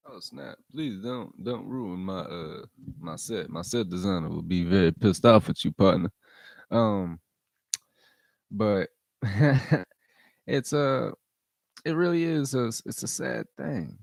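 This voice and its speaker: A man's voice: lowish voice, slow, creaky, pauses often, dry recording, clean studio sound. A man hosting his own vlog, giving blunt, profane commentary and repeating his points for emphasis. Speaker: vlog host. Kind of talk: casual rant commentary.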